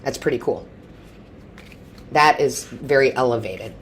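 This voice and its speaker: Low-voiced woman reading tarot. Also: a little slow, a little hiss or hum. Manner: reassuring, repeats phrases for emphasis; chatty, restarts mid-sentence. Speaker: tarot reader.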